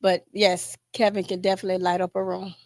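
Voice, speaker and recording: A woman, an aunt, giving a heartfelt, informal tribute at a memorial with pauses and restarts. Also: medium pitch, level tone, darkish tone. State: choked up, near tears. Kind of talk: emotional memorial speech.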